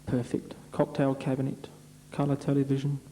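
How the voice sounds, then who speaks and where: A man's voice: medium pitch, completely flat delivery, moderate pace, mellow, a little hiss or hum, rough recording. Chatty man telling jokes on stage. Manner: rambling, chatty storyteller. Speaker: revue comedian. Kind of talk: stand-up joke telling to a live audience. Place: theatre stage at an amateur revue.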